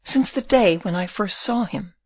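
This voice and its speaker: A woman's voice: mid-range voice, normal speed, darkish tone, slightly rough, no echo, studio quality, natural voice. A woman reading the part of a shy but proud young woman in an audiobook, timid and truthful. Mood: earnest.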